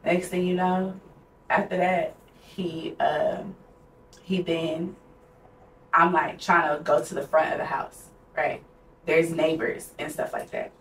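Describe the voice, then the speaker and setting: With a low, flat and slow delivery, a young woman co-hosting a podcast tells a personal story, casual and candid, using "like" a lot. The recording has a roomy echo from a distant mic and a little background noise.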